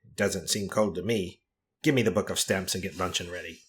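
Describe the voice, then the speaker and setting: A man voicing a cold, domineering older woman who speaks slowly and commandingly. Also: deep voice, fairly bright tone, breathy edge.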